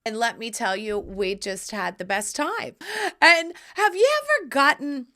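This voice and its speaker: Woman in her thirties, solo podcast host; bright tone, lively, giggly, plays the voices in her stories. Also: a little high, a little slow. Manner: animated, giggly storyteller acting out quotes. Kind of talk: candid solo podcast chat.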